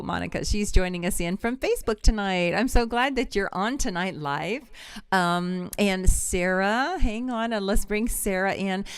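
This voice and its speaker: Middle-aged woman, live vocal coach; smooth, resonant voice, close and dry; chatty, digresses. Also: mid-range voice, no echo. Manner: chatty, digressive, warmly enthusiastic. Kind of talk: live-streamed singing lesson.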